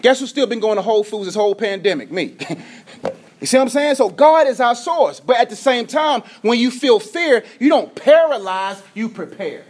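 A very high-voiced pastor preaches at a moderate pace, full of energy. He shifts from loud to quiet and now and then stutters and fumbles his words.

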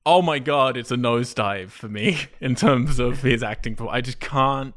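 A man in a casual podcast chat, reviewing a film with animated, exaggerated complaints. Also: mid-range voice, moderate pace. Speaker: podcast co-host.

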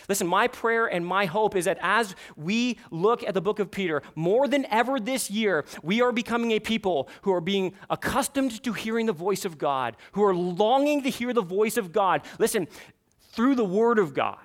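A man's voice: sits high, lively intonation, normal speed. A male pastor preaching a sermon in a church, earnest and repeating his questions for emphasis.

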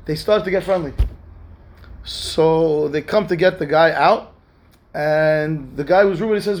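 A man's voice: on the high side, a little slow. A man, a rabbi, telling a story in a lesson and acting out the characters' lines in raised voices. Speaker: rabbi teaching a class.

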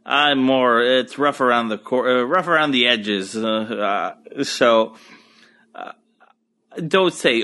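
A man's voice: mid-range voice, slow pace, bright, forceful tone. A young man with an Acadian French accent, hosting a solo podcast from home in a crude, rambling, profane and easygoing way. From Moncton, New Brunswick, eastern Canada. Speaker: podcast host. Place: at home on a couch.

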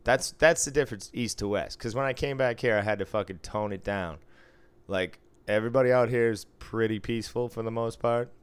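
A man from the US East Coast co-hosting a podcast in casual chat, hoarse from smoking and laughing, crude and quick to laugh. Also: mid-range voice. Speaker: podcast co-host.

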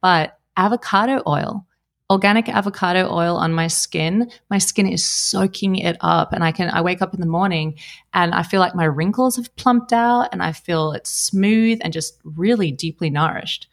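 A woman's voice: lowish voice, moderate pace. A woman co-hosting a podcast, bubbly and enthusiastic in casual chat. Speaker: podcast co-host.

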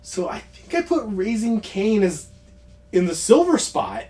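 A man co-hosting a podcast, chatting casually about movies, rambling with quick asides and frequent laughs. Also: sits high, very animated, dark tone, soft background music. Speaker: podcast co-host.

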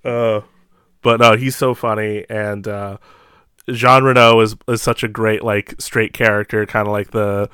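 Podcast co-host, male, bright tone, rambling casual delivery with a dry close-mic sound. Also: on the low side, little pitch movement, unhurried, clean tone, dry recording. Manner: rambling, filler-heavy, frequent laughs. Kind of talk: casual chat.

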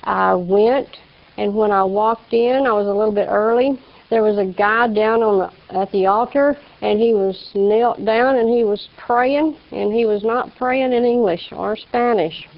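A woman's voice: mid-range voice, a little slow. A woman giving a personal faith testimony in a folksy storytelling way, acting out the people in her story. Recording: slightly dull lo-fi recording.

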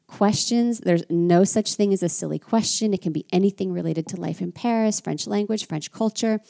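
A low-pitched woman from the United States with a gravelly edge and a mellow, dark tone. She is a French teacher hosting a podcast, speaking thoughtfully and stretching out the words she wants to stress. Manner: thoughtful, drawing out key words slowly. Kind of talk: reflective podcast monologue.

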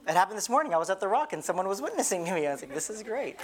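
A man's voice: sits high, sing-song, racing. Middle-aged pastor guy preaching, candid and earnest, keeps restarting his words. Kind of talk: conversational sermon.

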